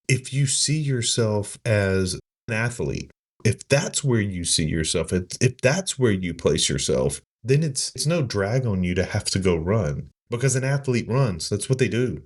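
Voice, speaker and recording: Male podcast co-host, lower pitch, earnest and encouraging, casual conversational delivery. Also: animated, normal speed, a little mellow. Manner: earnest, encouraging, sprinkled with "like" and "I mean".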